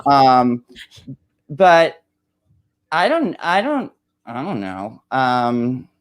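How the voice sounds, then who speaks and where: A man's voice: medium pitch, sing-song, extremely slow. A man hosting a casual chat, rambling with lots of fillers, with a New York area accent. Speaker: host.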